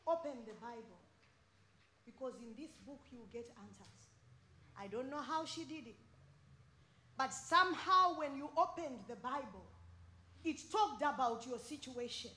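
A woman's voice: high-pitched, expressive, unhurried, pauses often, pushed and bright, echoey room, a little hiss or hum. A middle-aged woman preaching a sermon from Africa, speaking fervently with emphatic repetition and storytelling.

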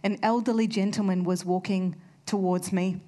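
A woman's voice: medium pitch, fairly even intonation, normal speed, mellow. A woman preaching a sermon, earnest and conversational, telling personal stories. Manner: earnest, storytelling with conversational asides.

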